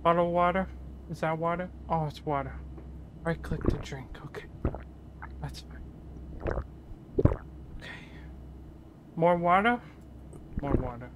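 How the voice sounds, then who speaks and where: Slow, jumpy horror-game commentator. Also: medium pitch, steady tone, noisy background. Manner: jumpy, nervous chatter that rises into panicked yelps. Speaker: gaming channel host.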